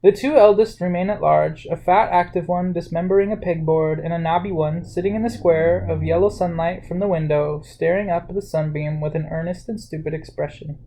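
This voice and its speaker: A storyteller reads a novel aloud in a plain, unhurried way. The voice sits at a mid pitch and stays even. Now and then a word slips and gets corrected. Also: slight background noise, poor audio. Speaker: audiobook narrator. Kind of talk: storybook reading.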